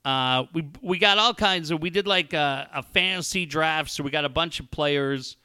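This man in his forties has a fairly high, smooth voice and a moderate pace, recorded with studio quality and no echo. As a radio talk show host, he chats casually and tells stories, voicing the quoted dialogue with animation.

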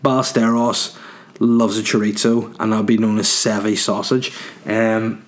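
A man's voice: on the low side, little pitch movement, unhurried. A man doing a crude, rambling comic monologue, answering listener questions and laughing at his own jokes.

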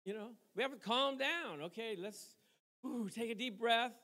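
High-voiced man preaching conversationally. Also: normal speed, sharp tone. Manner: conversational preaching with call-and-response asides and chuckles. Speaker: pastor. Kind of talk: sermon.

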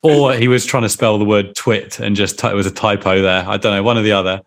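A man's voice: lowish voice, steady tone, quick pace. A man co-hosting a football podcast, joking and rambling in casual chat with friends. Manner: jokey, rambling, self-deprecating banter. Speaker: podcast co-host.

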